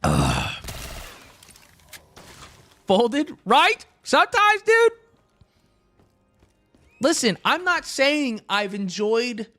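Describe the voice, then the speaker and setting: A man's voice: high-pitched, pushed and bright, dry recording, clean studio sound. A young man livestreaming, chatting casually with viewers in a joking, rambling way. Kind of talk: casual stream chat with viewers.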